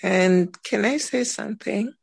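Man, gravelly voice, very slow, firm, dry sound. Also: high-pitched, no room sound. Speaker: bible study participant. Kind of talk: group bible discussion.

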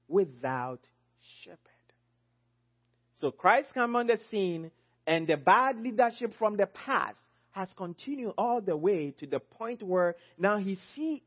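Male preacher, high voice, unhurried, emphatic sermon delivery. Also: highs cut off. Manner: emphatic, swinging between loud high exclamations and low quiet phrases.

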